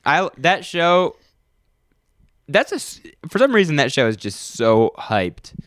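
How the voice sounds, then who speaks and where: A man's voice: a little high, very animated, slow, a bit bright, no echo. A young man co-hosting a podcast in casual chat, joking and trailing off mid-sentence. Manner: jokey, trails off mid-sentence, puts on silly voices. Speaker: podcast co-host.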